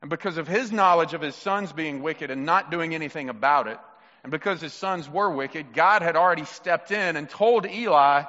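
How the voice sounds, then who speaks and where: Pastor guy preaching, pretty high bright voice, gets emphatic, big echoey room. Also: normal speed, lo-fi sound. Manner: animated, emphatic, conversational. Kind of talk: sermon.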